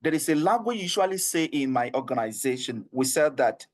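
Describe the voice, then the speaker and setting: A man's voice: a little high, very animated, fast talker, few pauses. A man with a Nigerian English accent, an HR trainer giving an online training session, earnest and coaxing, repeating his points and often laughing.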